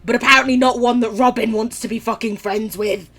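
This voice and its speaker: A woman's voice: on the high side, fairly even intonation, fairly quick, fairly bright tone. A young woman streaming a game, chatting casually and rambling, swearing freely with sudden squeals. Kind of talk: casual chat while gaming on stream.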